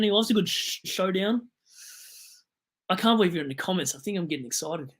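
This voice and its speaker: Young Aussie bloke, live-stream host, hyped, rambling, sudden loud bursts. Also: male voice, a little high, fairly quick. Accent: Australian. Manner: excitable, digressive, swings from loud bursts to mumbling asides. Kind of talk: casual live-stream chat.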